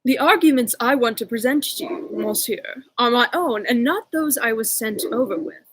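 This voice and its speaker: A woman's voice: fairly high pitch, moderate pace, a little hiss or hum, lightly acted, poor audio. A woman voicing a timid, anxious young Frenchman with an exaggerated French accent, pleading formally.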